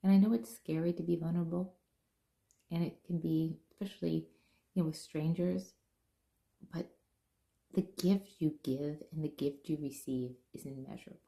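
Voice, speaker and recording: A middle-aged woman speaks in a low, warm register with a gravelly texture at the ends of her phrases. She tells personal stories earnestly and gently, leaving soft pauses between her thoughts. She sounds like a spiritual teacher giving a heartfelt talk. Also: steady tone. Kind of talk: heartfelt spoken reflection.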